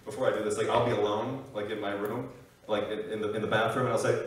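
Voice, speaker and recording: A young man doing energetic stand-up comedy on a university stage, often asking "okay?". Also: fairly low pitch, fast. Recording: echoey room, distant mic, loud noise.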